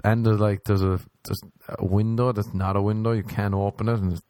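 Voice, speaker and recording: A man's voice: lowish voice, flat delivery, brisk, dark tone, dry recording, clean studio sound. A young man casually telling a rambling, profane anecdote, acting out the other people's lines as he goes. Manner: profane, rambling, acts out quoted voices. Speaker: storyteller.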